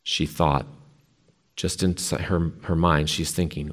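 A man's voice: very deep voice, little pitch movement, slow. A male preacher giving a sermon, telling and reading a story in an emphatic, dramatic way.

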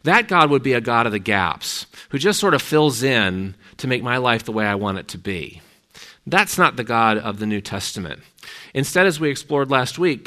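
A middle-aged pastor with a sharp-toned, mid-range voice gives a conversational sermon, telling stories from his week.

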